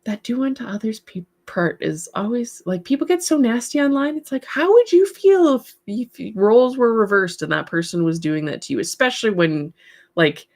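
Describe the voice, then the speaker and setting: A woman's voice: mid-range voice, expressive, moderate pace. Woman, livestream host and artist; casual, upbeat, encouraging chat with easy laughs. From part English heritage. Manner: chatty, encouraging, laughs often. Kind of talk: casual livestream chat, reading viewer comments.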